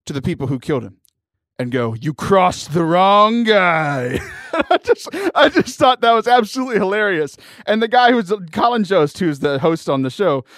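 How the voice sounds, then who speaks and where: A man hosting a casual comedic radio show, energetic and rambling, laughing between jokes. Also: fairly high pitch, dry recording, studio quality. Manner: energetic, jokey, rambling with restarts. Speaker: podcast host. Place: radio studio.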